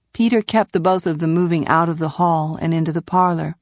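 A woman narrating a novel in scripted, measured storytelling from a quiet booth. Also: fairly low pitch, dry recording, studio quality. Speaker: audiobook narrator.

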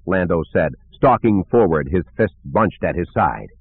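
A man narrates a novel in a low, husky voice with lively, swinging pitch. The recording is thin and narrow, like a phone line. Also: a little slow, hardly any pauses. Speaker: audiobook narrator. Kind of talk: scripted narration.

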